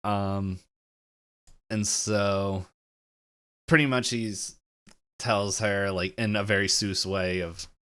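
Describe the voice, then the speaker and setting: Low smooth guy podcasting, rambles, does the characters' lines. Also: steady tone, slow pace, long pauses, a bit bright. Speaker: podcast co-host. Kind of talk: casual chat recapping a cartoon episode.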